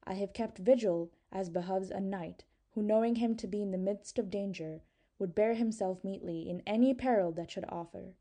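A woman's voice: mid-range voice, normal speed, warm tone, lightly acted. A woman reading the part of a noble, grave male king who speaks in formal, archaic courtly language. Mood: stern. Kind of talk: audiobook reading.

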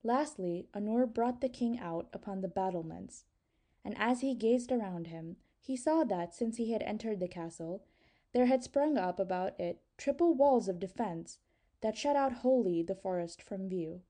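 A woman narrating an old legend in a measured, even storytelling manner. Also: mid-range voice. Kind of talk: audiobook reading.

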